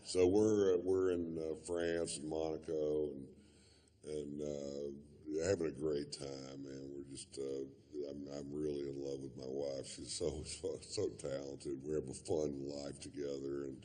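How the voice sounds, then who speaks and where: A man's voice: rumbling low, little pitch movement, a little slow, mellow. A man doing stand-up comedy, telling a long story in a laid-back, profane drawl full of fillers.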